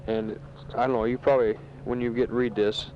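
Soldier in his bunker reading out news to family; flat, plain, matter-of-fact man, muffled lo-fi tape. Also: medium pitch, slight background noise. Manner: matter-of-fact, halting with many fillers. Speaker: soldier sending a taped letter home. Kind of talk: casual spoken letter. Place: sandbag bunker in a war zone. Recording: dull lo-fi home tape recording.

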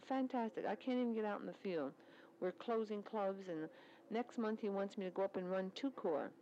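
A woman's voice: mid-range voice, normal speed, warm tone, muffled recording, a little hiss or hum. A woman recording a spoken letter, chatting in a rambling, storytelling way about her work at a military service club.

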